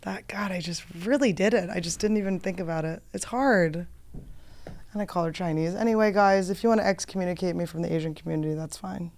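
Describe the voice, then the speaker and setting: A woman's voice: lowish voice, quick pace, darkish tone. Woman, podcast host, casual comedic chat, self-mocking, rambling, studio.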